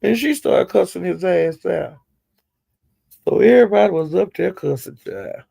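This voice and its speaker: A man with a high-pitched, animated, creaky voice and dark tone offers casual, profane gossip commentary on online live streams at a moderate pace. He scolds the people involved by speaking straight to them, with no echo in the recording.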